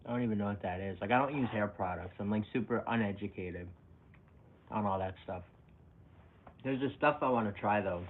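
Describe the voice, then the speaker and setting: A man's voice: fairly low pitch, brisk. A young man streaming live, rambling casually and self-mockingly while reacting to chat comments, often chuckling. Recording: tinny phone-like audio with faint hiss.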